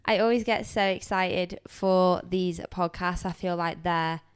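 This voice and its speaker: A woman's voice: lowish voice, fairly even intonation, measured pace, smooth. A woman co-hosting a podcast, chatting in a bubbly, playful way. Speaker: podcast co-host. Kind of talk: casual chat.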